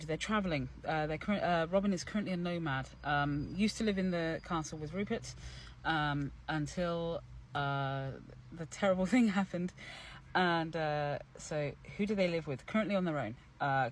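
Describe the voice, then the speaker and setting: A young actor and playwright chats animatedly about how he built his character, with lots of fillers and restarts. His voice sits a little high and moves at normal speed, over a faint hiss or hum.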